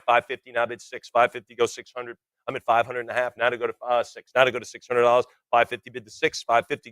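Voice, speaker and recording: Auctioneer, man in his 60s, rapid bid chant with playful banter, mid-range voice, dry close mic. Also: medium pitch, fairly bright tone, no echo. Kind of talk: live auction calling.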